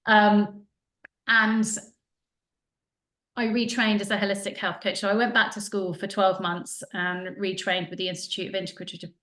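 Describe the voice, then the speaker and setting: A woman, a podcast guest telling her story in casual, animated talk and acting out what people said. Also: mid-range voice, normal speed. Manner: chatty, animated, acts out quoted dialogue. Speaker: podcast guest, joy coach. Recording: roomy echo.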